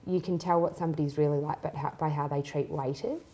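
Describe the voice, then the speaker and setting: A woman interviewing a guest in a casual chat, supportive and quick with short affirmations. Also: deep voice, steady tone, dark tone.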